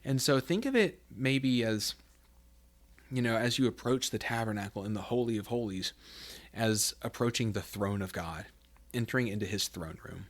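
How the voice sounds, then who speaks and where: A man's voice: lowish voice, expressive, moderate pace. A man hosting a podcast, teaching through Bible passages in a conversational way, thinking aloud with fillers and restarts.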